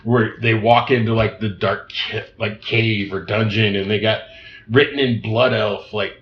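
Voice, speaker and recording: A man co-hosting a casual film review podcast, animated and laughing often as he acts out scenes. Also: on the low side, unhurried. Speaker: podcast co-host. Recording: echoey room, dull lo-fi sound.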